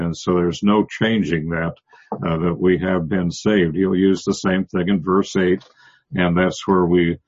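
A man teaching a Bible passage verse by verse, pausing often and restarting, explaining the Greek words. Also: sits low, darkish tone, breathy edge, dull audio. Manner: halting, many restarts and fillers, explains Greek word by word. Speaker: preacher.

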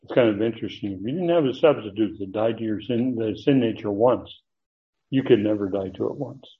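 A man teaching a Bible passage to a class, earnest and emphatic, slowing down to stress key words as he reads from his notes. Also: lowish voice. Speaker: pastor teaching a Bible study. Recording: dull lo-fi recording.

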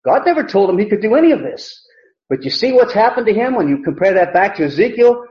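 A man's voice: sits high, big pitch swings, quick pace. A man teaching an expository Bible sermon, emphatic, and often repeating phrases. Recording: roomy, dull lo-fi sound.

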